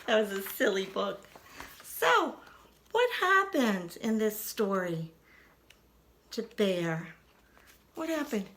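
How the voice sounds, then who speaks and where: A woman teacher reading a picture book aloud to preschoolers, expressive and asking the children questions. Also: high voice.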